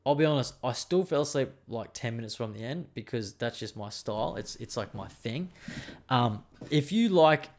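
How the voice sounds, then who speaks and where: A man's voice: medium pitch, lively intonation, moderate pace. A man hosting a podcast on his own, chatting casually in a rambling, sweary, laid-back way. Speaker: podcast host. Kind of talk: casual solo podcast chat.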